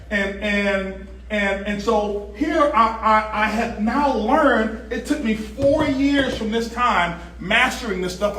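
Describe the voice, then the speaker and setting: A man giving a lively motivational seminar talk, telling stories and joking with a live audience. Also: high voice. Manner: animated storyteller, jokes with the crowd, asks for hands. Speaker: motivational speaker on stage. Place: large event hall. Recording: echoey hall, distant mic.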